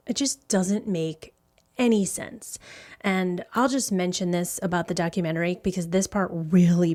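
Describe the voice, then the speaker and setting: A woman's voice: mid-range voice, darkish tone. A middle-aged woman hosting a podcast, telling a true-crime story in a casual, blunt and indignant way, swearing freely. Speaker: podcast host.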